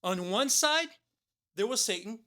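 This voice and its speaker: Bright high-voiced man telling a parable. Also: expressive, unhurried. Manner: keeps adding "right?" and "okay?". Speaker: co-host. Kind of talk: motivational storytelling.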